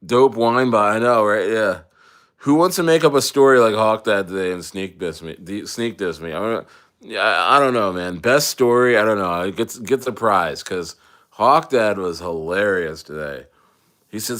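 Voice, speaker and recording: A man's voice: fairly low pitch, lively intonation, measured pace, a bit bright. A man chatting casually on a livestream, loose and rambling with jokes and restarts, a little tipsy from wine. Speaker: crypto livestreamer.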